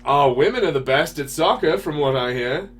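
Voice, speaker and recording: A man's voice: fairly high pitch, lively intonation, normal speed, slightly rough. A man hosting a casual talk show, ranting with swearing and rhetorical questions. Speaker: podcast host. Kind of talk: casual political chat.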